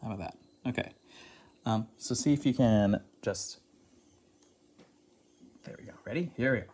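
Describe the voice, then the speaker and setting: A man's voice: on the low side, normal speed, darkish tone. A man teaching an online music lesson to children, upbeat and chanting rhythm syllables aloud.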